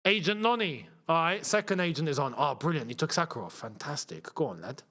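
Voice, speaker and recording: Excitable young man, lively pitch. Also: brisk. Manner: excitable, shouts at missed chances, banters with chat. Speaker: football watchalong host. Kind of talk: live match watchalong commentary.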